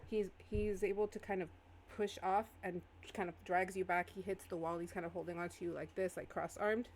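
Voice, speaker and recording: A woman's voice: on the low side, fairly even intonation, brisk, slight background noise. A woman narrating a tabletop game as game master in a casual, hesitant way.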